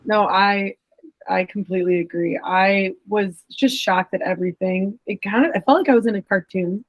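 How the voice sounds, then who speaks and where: A woman's voice: medium pitch, normal speed, no room sound, low-quality recording. A young woman co-hosting a podcast, chatting casually and rambling with frequent "like" fillers. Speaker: podcast co-host, former pro soccer player.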